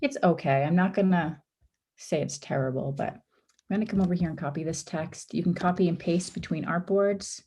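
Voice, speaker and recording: A woman's voice: on the low side, a little fast, warm tone, breathy edge. Woman teaching, losing her voice. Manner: casual, step-by-step, with frequent ums and oopses. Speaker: workshop instructor. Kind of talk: live screen-share design tutorial.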